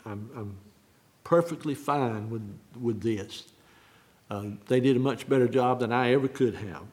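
Slow, halting man preaching. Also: medium pitch, darkish tone. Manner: halting, full of restarts and fillers, repeating the verse slowly. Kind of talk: sermon, unscripted Bible teaching.

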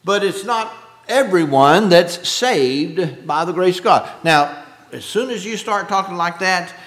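A man preaching an expository sermon with a drawn-out, emphatic cadence, often clearing his throat. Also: high voice, animated, fairly bright tone. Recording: echoey hall with long reverb.

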